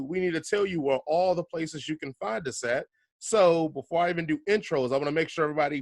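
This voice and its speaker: A man's voice: fairly high pitch, dry recording. A man hosting a podcast in casual chat, laid-back and joking. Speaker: podcast host.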